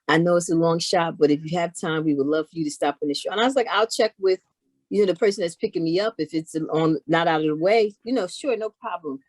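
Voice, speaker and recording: A middle-aged woman chatting casually as an interview guest, telling animated stories. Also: lowish voice, quick pace, dry recording. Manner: animated, acts out others in her stories. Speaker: guest, knitwear maker. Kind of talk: casual storytelling chat.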